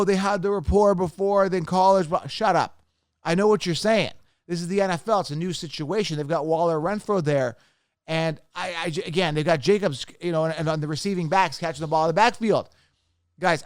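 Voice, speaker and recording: Brief: male podcast host, opinionated and repetitive, clear resonant tone in a dry room. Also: a little high, dry recording. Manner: emphatic, repetitive, mocks imagined critics. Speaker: fantasy football podcast host.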